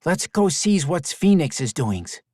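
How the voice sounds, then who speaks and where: A man's voice: very animated, measured pace, darkish tone, dry recording, studio quality. A man voicing a serious, curious little boy who speaks in childish broken grammar. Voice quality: high childlike voice, toddler grammar.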